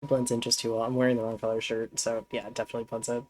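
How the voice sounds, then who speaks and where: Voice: medium pitch, little pitch movement, fast, darkish tone, a little hiss or hum. A streamer in casual live-stream chat, rambling and talking fondly to a pet cat while playing.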